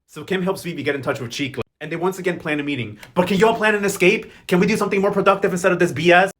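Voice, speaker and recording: A man doing a sassy, slang-heavy recap of a soap opera, mocking the characters in quick asides. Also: high-pitched, a bit bright. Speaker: novela recap host.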